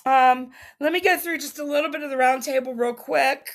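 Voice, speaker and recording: A woman hosting a casual livestream recap, reading quotes aloud with animated emphasis and laughing often. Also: high voice, fairly quick. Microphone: streaming setup mic.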